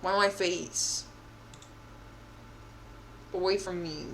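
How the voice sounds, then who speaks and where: A woman's voice: mid-range voice, slow, pauses often, a bit bright. A young woman streamer reading a text game aloud and reacting, chatty and giggly, with a mock-indignant edge.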